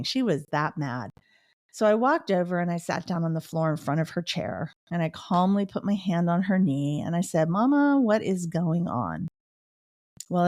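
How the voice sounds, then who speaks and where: Middle-aged woman host, lowish voice, earnest personal storytelling, dry close sound. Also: a little mellow, no echo. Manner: earnest storytelling, with the odd laugh. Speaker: podcast host. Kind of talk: personal advice talk.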